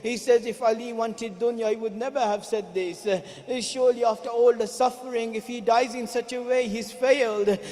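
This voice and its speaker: High-voiced man chanting a mourning sermon. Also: fairly even intonation, normal speed, few pauses, a little mellow. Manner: chants and cries out lines in a mourning melody. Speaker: preacher. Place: large mosque hall. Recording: long hall reverb.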